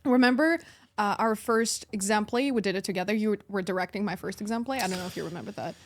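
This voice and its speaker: A woman hosting a podcast, an actor herself, chatting casually and laughing easily. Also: mid-range voice. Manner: giggly, warm, quick backchannel.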